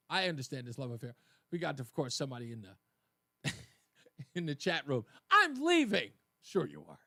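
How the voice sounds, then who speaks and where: A man's voice: a little high, no room sound, studio quality. A man hosting a talk radio show, telling stories casually and laughing often. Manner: laughs often, animated storytelling. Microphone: studio microphone.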